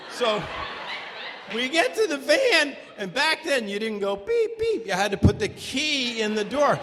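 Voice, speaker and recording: A man performs a personal story for a live audience, his high, bright voice swinging widely in pitch and jumping into shouts at the tense moments. The sound carries a long reverb from the hall around the stage microphone. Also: big pitch swings, a little slow, slight background noise.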